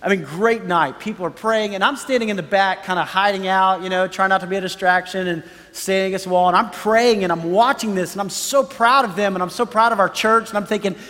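A man's voice: high-pitched, a little fast, few pauses, fairly bright tone, long reverb tail. A man in his thirties, a pastor, preaching a sermon with earnest storytelling and emphatic repetition.

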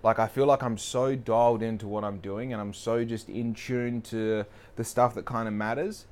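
A man's voice: fairly low pitch, fairly even intonation, moderate pace. A young man talking casually in a rambling, profane, self-deprecating way. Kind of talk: casual monologue.

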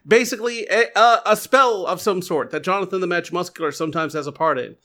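A player in a tabletop game explaining things in a halting, filler-heavy casual way. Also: mid-range voice, sharp tone.

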